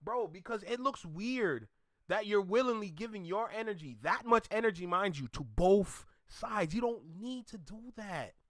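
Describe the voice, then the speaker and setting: A man in casual commentary, animated and mocking, laughing often as he reacts to a clip. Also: sits high, normal speed, no room sound, studio quality.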